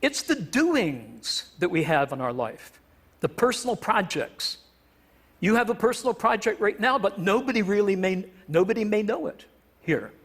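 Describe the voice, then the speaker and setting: A man's voice: high-pitched, sing-song, normal speed, fairly bright tone, slightly rough. A man from Canada, a professor, giving a humorous stage talk in a wry, self-deprecating way with playful word choice. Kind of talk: humorous public lecture.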